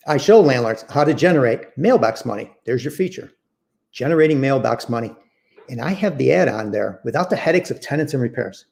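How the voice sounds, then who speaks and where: Guy with a gravelly voice walking you thru a lesson, repeats stuff as he goes. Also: medium pitch, darkish tone. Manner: step-by-step teaching, repeats key phrases. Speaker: real estate investing trainer. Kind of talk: instructional talk.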